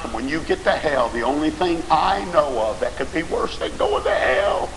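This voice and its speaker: A man's voice: fairly high pitch, animated, moderate pace, creaky. A man preaching a fiery revival sermon with dramatic emphasis at a church service. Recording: echoey hall, hiss.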